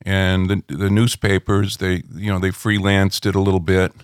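A middle-aged man, a rock critic, telling anecdotes in a relaxed interview at home, rambling with many fillers. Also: sits low, moderate pace, clear, resonant tone, no room sound, studio quality.

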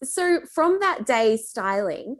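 Friendly higher-voiced woman podcast host. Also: big pitch swings, takes it slowly. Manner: friendly, curious questioning. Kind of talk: casual interview.

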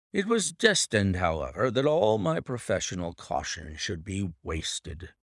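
Man narrating a classic mystery: unhurried, expressive, with a lowish, lively voice. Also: no echo, studio quality. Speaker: audiobook reader.

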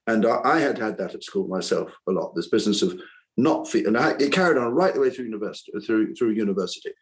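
This older man, an author and former schoolteacher, talks fast and expressively in a fairly low voice, though the audio is poor. He is being interviewed and muses earnestly, wandering from point to point and frequently restarting what he says.

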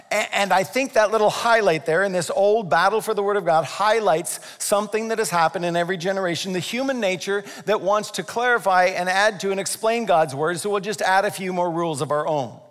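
A high-voiced man preaches with animated energy, acting out voices and tossing questions to the congregation. His words carry a long reverb from a church sanctuary. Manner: animated, acts out voices, asks the audience questions. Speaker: pastor. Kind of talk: sermon.

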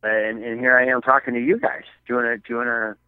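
A man's voice: mid-range voice, flat delivery, normal speed, clean tone, dry recording. A middle-aged man from Michigan telling hunting stories as a podcast guest, rambling with many fillers and restarts. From Michigan, United States. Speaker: podcast guest, archery filmmaker. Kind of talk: casual storytelling. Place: his basement at home. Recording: tinny phone-like line.

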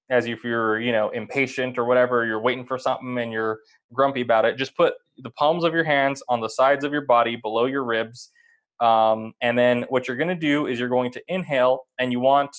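A man's voice: mid-range voice, a bit bright, dull audio. Man explaining a breathing exercise. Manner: loose, hesitant explanation with fillers. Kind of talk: instructional talk.

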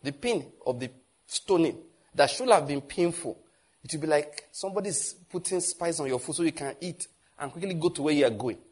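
A man with a Nigerian accent preaching a sermon, animated and asking the congregation questions. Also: a little high, fairly quick, slightly rough. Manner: animated, asks the audience questions.

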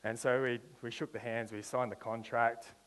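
A young man giving a testimony in a sermon, telling a story and then slowing into drawn-out, emphatic declarations of faith. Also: mid-range voice, level tone, in a large hall, low-quality recording. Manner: storytelling with slow emphatic build-ups. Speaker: preacher.

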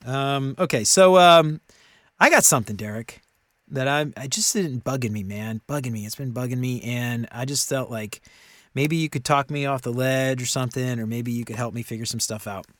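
Male podcast co-host, 30s, chatty and rambling, mid-pitched voice, dry close recording. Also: normal speed, no room sound. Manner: animated, rambling, laughs often. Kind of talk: casual chat.

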